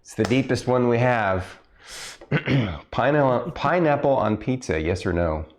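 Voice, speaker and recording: A man hosting a podcast, relaxed and measured as he moves to the next segment. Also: mid-range voice, slight background noise. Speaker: podcast host.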